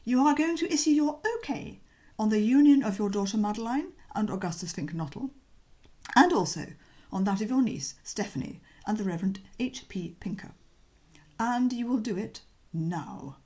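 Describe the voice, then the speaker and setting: A woman voicing a cheerful young gentleman, breezy and chatty, in a bouncy, slangy audiobook reading. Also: medium pitch, animated, moderate pace.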